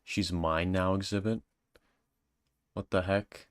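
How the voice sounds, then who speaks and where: A man's voice: low voice, steady tone, normal speed, no echo. A man streaming and reading viewer comments in a joking, self-mocking casual chat.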